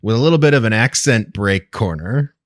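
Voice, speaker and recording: A man's voice: fairly low pitch, lively intonation, fairly quick, no room sound, studio quality. A man co-hosting a podcast, chatting casually and with amusement about a TV episode. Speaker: podcast co-host.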